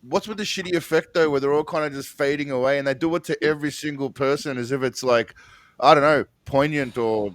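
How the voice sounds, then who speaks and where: A man's voice: a little high, quick pace, hardly any pauses. A man co-hosting a movie riff stream in casual banter, tossing in dry jokes. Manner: joking, dry asides.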